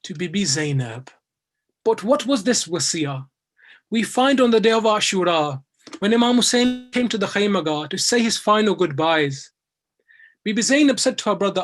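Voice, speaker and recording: A man with a British English accent delivering a religious sermon, telling the story and sinking soft and low in its sorrowful passages. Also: expressive, moderate pace. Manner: storytelling, grows softer and lower in sorrowful passages, rising with emotion at others. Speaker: speaker at a majlis. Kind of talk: religious sermon, recounting and lamenting.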